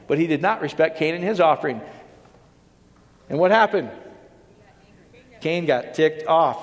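Male preacher, slightly high voice, conversational sermon delivery, long hall reverb. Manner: conversational, checks in with the audience.

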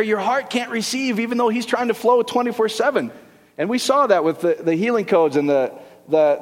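A middle-aged male pastor preaching a sermon in a church hall, lively and joking, firing rhetorical questions at the congregation. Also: high-pitched. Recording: long hall reverb.

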